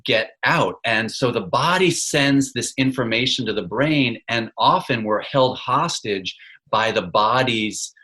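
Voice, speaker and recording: A man's voice: medium pitch, expressive, unhurried, sharp tone, low-quality recording. A man talks as a podcast guest and walks through his ideas earnestly, like a teacher in a classroom. He keeps checking in with his listener as he builds each point. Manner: earnest, teacherly explaining with "you know" and "right?". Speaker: guest, arts educator. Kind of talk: casual interview chat.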